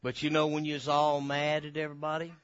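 A man preaching a folksy sermon, swinging between loud bursts and hushed asides. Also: on the high side, completely flat delivery, fast, dull audio.

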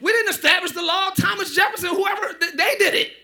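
A man preaching a lively sermon as pastor, often shouting and joking with the congregation. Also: very high voice, fast. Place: church sanctuary.

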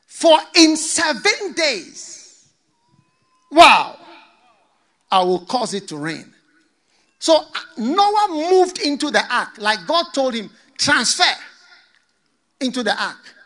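A man's voice: extremely high pitch, bright, forceful tone. A man preaching a sermon, telling a story dramatically with joking asides.

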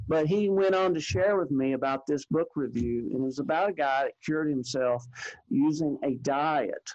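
A man telling his own story of facing cancer, with halting speech and repeated words. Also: on the high side, darkish tone, low-quality recording. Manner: halting, repeats words, quotes others plainly. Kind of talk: personal testimony.

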